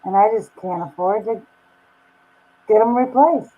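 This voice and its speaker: A woman's voice: medium pitch, unhurried. Chatty woman on a muffled voice chat. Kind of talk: casual voice chat.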